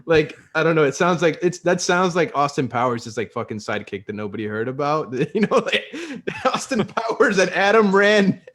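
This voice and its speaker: A man's voice: on the high side, animated, brisk, few pauses, fairly bright tone. A man co-hosting a gaming podcast, teasing the others and laughing a lot. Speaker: podcast co-host. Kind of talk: casual chat.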